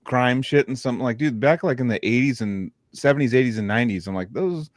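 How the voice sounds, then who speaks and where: A man's voice: mid-range voice, fast, no room sound. A man talks in loose, casual podcast chat, cursing freely and breaking into laughter as he tells school stories. His voice sits in a middle range and the sound is close and dry, with no room around it. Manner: loose, profane, laughs often. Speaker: podcast co-host.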